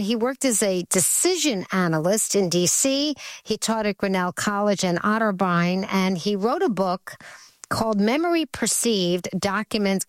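A chatty woman hosting a radio talk show, her voice at a middle pitch and close on a dry studio mic. She talks in a loose, conversational way, full of quick asides. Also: no room sound.

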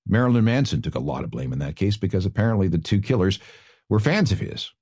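A man's voice: low-pitched, very animated, fast, darkish tone, husky. A man hosting a radio talk segment, telling stories with wry asides. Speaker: radio host.

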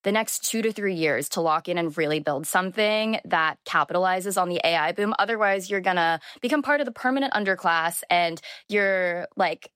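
A woman's voice: lowish voice, normal speed, few pauses, fairly bright tone, no room sound, studio quality. A young woman in her twenties, a journalist guest, chatting freely with many fillers and "like"s. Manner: chatty, lots of filler words and "like". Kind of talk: conversational interview.

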